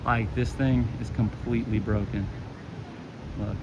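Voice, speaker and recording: Brief: chatty, opinionated male travel vlogger walking outdoors, handheld mic picking up clear traffic noise. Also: lowish voice, fairly even intonation, measured pace, muffled recording. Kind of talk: casual walking vlog. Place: city streets outdoors. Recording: street noise around the mic. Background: traffic and urban street noise.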